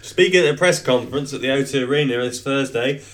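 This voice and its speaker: A man's voice: medium pitch, quick pace. A man hosting a podcast, reading out news items in a jokey, giggly way. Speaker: podcast host, news reader. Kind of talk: casual chat.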